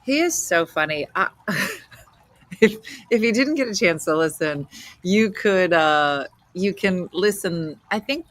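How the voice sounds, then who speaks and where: A woman in her fifties with a New Jersey accent, hosting a casual chat show and telling stories in a loud, animated way. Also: lowish voice, slow, dry recording. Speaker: host.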